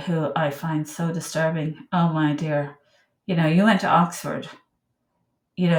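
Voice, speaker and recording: A woman talking casually on her own, rambling and emotional, her voice swinging from high outbursts to low murmured prayer. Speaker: vlogger. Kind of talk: casual monologue to camera. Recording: echoey room.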